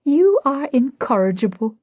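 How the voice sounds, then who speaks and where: A woman's voice: high voice, big pitch swings, moderate pace, a little mellow, dry recording, studio quality, pitched above the performer's own voice. Woman reading a gushing society hostess. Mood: effusive. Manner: effusive and exclaiming. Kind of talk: audiobook drama reading.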